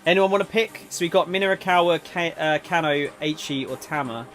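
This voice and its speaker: A man's voice: high voice, steady tone, fairly quick, a bit bright, soft background music. A man casually commenting while streaming a story game, jokey and chatty, asking viewers to pick. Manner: chatty, jokey, asks chat for input. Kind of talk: casual let's-play commentary.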